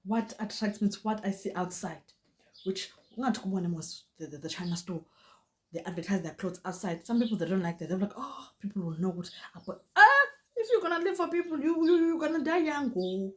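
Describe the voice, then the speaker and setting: A woman's voice: medium pitch, brisk. A young woman with a South African Xhosa accent, chatting animatedly through a storytime vlog and often dropping into Xhosa. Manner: animated, switches into Xhosa, many restarts. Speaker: vlogger. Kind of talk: casual storytime chat.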